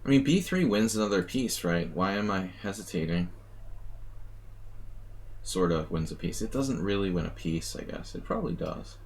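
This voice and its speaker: A man's voice: low voice, expressive, moderate pace, a little mellow, slight background noise. A man streaming a chess simul, thinking aloud in a muttering, self-mocking way. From United States. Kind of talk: live commentary while playing.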